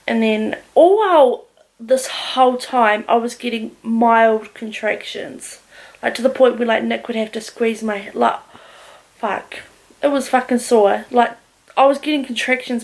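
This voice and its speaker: A woman's voice: fairly high pitch, unhurried, low-quality recording. Frank, chatty woman vlogger. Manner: candid, heavy swearing, animated retelling. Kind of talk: casual storytelling.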